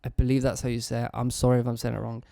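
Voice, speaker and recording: This is a man in a casual vlog Q&A, talking about his tattoo work in a loose, rambling way. He swears often and trips over his words. His mid-pitched voice has a gravelly fry, and the sound is dry and close. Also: completely flat delivery, dark tone, no room sound. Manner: rambling and profane, with quick self-corrections. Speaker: tattoo artist.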